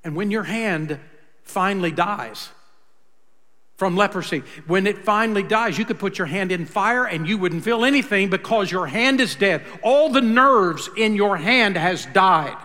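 A male pastor delivers a sermon as dramatic storytelling, dropping to a hush and then rising again. His voice is high and bright. It carries through a reverberant hall. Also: expressive, unhurried. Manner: dramatic storytelling, swings from loud to hushed.

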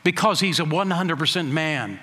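A man preaching a sermon, his high voice bright and ringing as it carries through a hall with a long echo. He stresses key phrases by slowing right down and throws out rhetorical questions to the congregation. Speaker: pastor.

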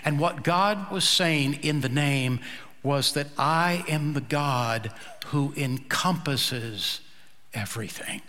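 Man preaching slow and emphatic, pauses a lot, big echoey hall. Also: a little high, bright, forceful tone. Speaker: pastor. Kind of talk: sermon.

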